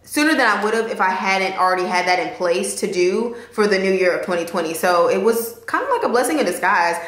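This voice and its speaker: A woman's voice: mid-range voice, lively intonation, brisk, a bit bright. Young woman vlogger, candid and emotional, mid-range voice, echoey room. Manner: candid, emotional, chatty with laughs. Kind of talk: casual talk to camera.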